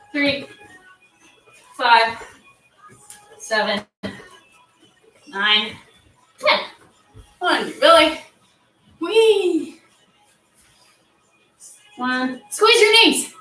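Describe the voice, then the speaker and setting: A high-voiced woman coaches a workout class at an unhurried pace, counting reps and tossing out playful encouragement. She is heard from a distance in an echoey room, with faint music underneath. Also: a bit bright. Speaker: fitness instructor. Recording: echoey room, voice far from mic.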